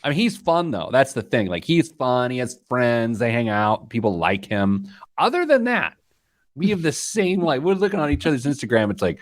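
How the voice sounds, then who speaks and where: A man hosting a money podcast in casual chat, joking and animated. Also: medium pitch, no echo, clean studio sound. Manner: joking, animated, quick asides. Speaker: podcast host.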